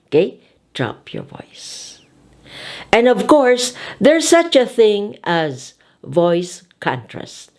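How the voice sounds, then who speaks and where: Woman, speech coach lecturing; very slow, animated pitch, emphatic delivery. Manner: slow, emphatic, demonstrating intonation. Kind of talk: teaching lecture.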